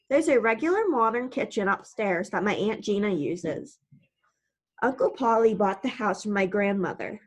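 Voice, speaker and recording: A woman reading a first-person story aloud as an audiobook narrator, in a plain, matter-of-fact storytelling manner. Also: mid-range voice.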